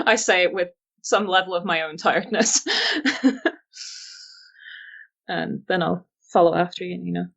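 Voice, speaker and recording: A woman's voice: lowish voice, steady tone, unhurried, gravelly, long pauses, a bit bright. A woman player in a tabletop vampire game, wry and laughing often. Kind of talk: tabletop role-play chat.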